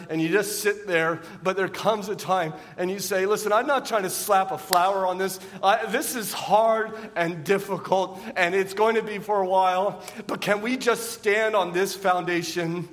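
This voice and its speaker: High-voiced male pastor preaching in a reverberant hall. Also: steady tone, moderate pace, hardly any pauses, a bit bright. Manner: frequent rhetorical questions and repeated words. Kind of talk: sermon.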